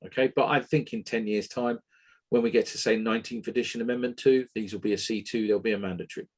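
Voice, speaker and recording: A man hosting a technical webinar, talking in an animated, opinionated way and sometimes swearing. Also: on the low side, fast talker. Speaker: webinar host. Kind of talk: casual technical webinar talk.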